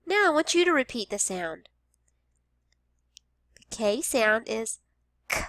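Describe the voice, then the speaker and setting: A woman teaching a phonics lesson to young children, speaking slowly and sounding out each word with care. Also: on the high side, sing-song, a bit bright, no echo, clean studio sound. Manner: slow, careful, over-enunciated.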